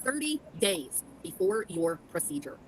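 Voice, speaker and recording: A woman's voice: lowish voice, very animated, a little slow, a little hiss or hum, poor audio. A middle-aged woman giving sarcastic commentary on online drama, quizzing her audience as she goes.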